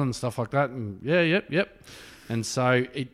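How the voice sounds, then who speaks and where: An Australian pie shop owner chats casually in an interview, rambling and leaning heavily on "sort of." His mid-range voice is animated and moderately paced, and the room is reverberant.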